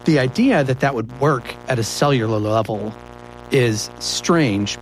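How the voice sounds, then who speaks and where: Quick-talking male podcast host. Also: medium pitch, faint music behind, poor audio. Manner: quick, conversational questioning. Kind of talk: casual interview conversation.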